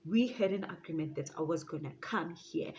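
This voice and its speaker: Brief: South African woman, lowish voice, animated storytime with faint background noise. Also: normal speed. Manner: animated, laughs often, slips into Zulu phrases. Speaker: YouTuber. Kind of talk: casual storytime vlog.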